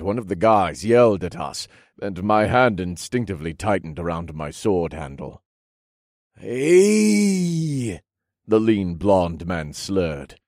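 Male narrator, very deep voice, steady measured reading, dry close sound. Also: dry recording. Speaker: audiobook narrator. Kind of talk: scripted first-person narration.

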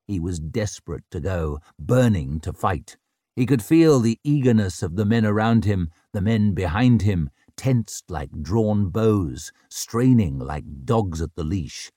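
Expressive low-voiced male narrator. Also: a little slow, dry recording, clean studio sound. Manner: expressive, dramatic storytelling. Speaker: audiobook narrator. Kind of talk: scripted narration of a fantasy novel.

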